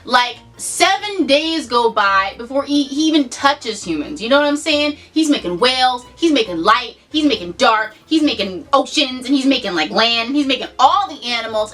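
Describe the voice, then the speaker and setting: A young woman vlogging to camera in a casual, sarcastic, animated way, swearing and saying "like" a lot. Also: on the high side, normal speed, few pauses, far from the mic.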